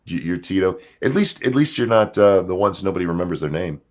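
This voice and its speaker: A man hosting a livestream chat, reading viewer comments aloud and swinging between loud jokes and mumbled asides. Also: deep voice, expressive, brisk. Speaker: livestream show host.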